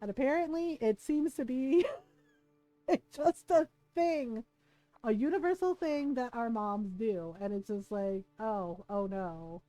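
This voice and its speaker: A woman's voice: sits high, animated, a little slow, warm tone, no room sound, soft background music, low-quality recording. A woman from the United States, streaming a game while casually telling a family story, acting out quotes and laughing often.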